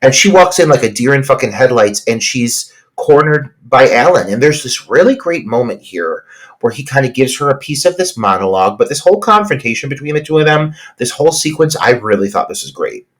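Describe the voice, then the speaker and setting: A man co-hosting a casual film podcast, recapping scenes in an excited, emphatic way. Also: mid-range voice, brisk, rough recording. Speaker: podcast co-host.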